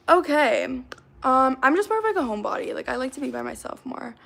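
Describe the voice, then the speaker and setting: A woman's voice: high voice, very animated, fairly quick, gravelly, a bit bright. A woman in her twenties chatting casually on a livestream from her apartment, rambling and reading out comments with lots of "like" fillers. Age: 20s. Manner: rambling, heavy use of "like" fillers. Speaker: livestream host.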